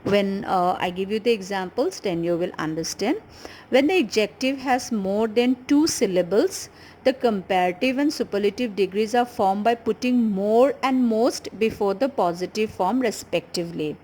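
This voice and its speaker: A woman teaching an English grammar lesson with an Indian English accent, explaining patiently and slowly repeating key words. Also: mid-range voice, darkish tone, a little hiss or hum, poor audio.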